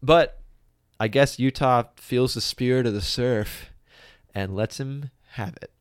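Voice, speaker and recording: A man's voice: mid-range voice, unhurried, clean tone, no echo, studio quality. A man co-hosting a casual movie review podcast, chatting, laughing often and acting out characters' lines. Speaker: podcast co-host.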